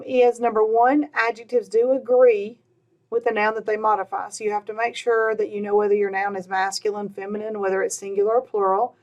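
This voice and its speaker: This recorded Spanish grammar lesson is taught by a woman whose voice is a little high and a little mellow. She patiently repeats words at a slow pace, dropping "all right" and "um" between points.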